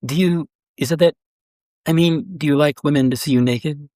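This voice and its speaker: Give me a gentle, world-wise woman with a soft, coaxing way of speaking, voiced by a man reading a short story aloud. She sounds soothing and a little tired. The recording is close and dry. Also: medium pitch, brisk, no room sound, lightly acted. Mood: puzzled.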